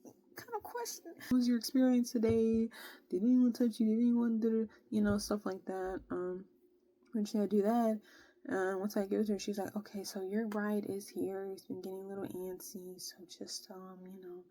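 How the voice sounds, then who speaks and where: A young woman casually telling a long personal story, animated and exasperated, with plenty of slang. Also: medium pitch, normal speed, no echo. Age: young adult. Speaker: vlogger.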